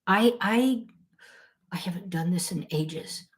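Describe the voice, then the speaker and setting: A woman's voice: lowish voice, slow pace. Candid, rambling woman co-host on a call. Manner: candid, rambling storyteller who swears freely. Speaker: podcast co-host. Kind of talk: casual chat. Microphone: phone or call audio.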